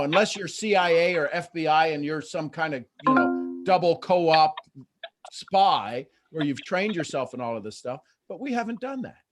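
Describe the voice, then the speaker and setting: A middle-aged man hosting a live motivational coaching call, lively and acting out quoted voices. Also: fairly high pitch, background noise. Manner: animated, acts out quoted voices. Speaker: host and coach.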